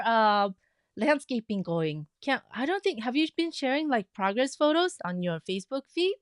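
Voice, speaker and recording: A woman hosting a casual craft livestream, chatting and greeting viewers by name with bursts of excitement. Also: a little high, moderate pace, clean tone, dry recording, studio quality. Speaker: livestream host of a quilting group.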